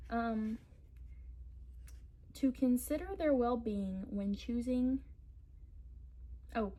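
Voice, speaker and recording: A young woman chatting casually to camera about books, rambling and animated. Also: a little high, rough recording. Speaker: book vlogger.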